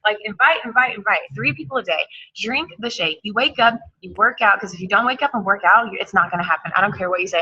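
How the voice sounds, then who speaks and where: A woman's voice: medium pitch, fast talker, pushed and bright, husky, lo-fi sound. A woman giving an emphatic, hyped motivational talk on a team call, repeating her points. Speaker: team coach.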